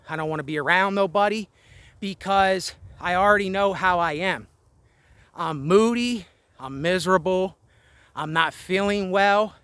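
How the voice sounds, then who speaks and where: A man's voice: high voice, pushed and bright, no room sound. A man venting in a rambling, weary, frustrated way, out of breath, recorded outdoors in the wind. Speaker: vlogger. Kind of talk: candid venting monologue. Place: outdoors, windy spot above a road.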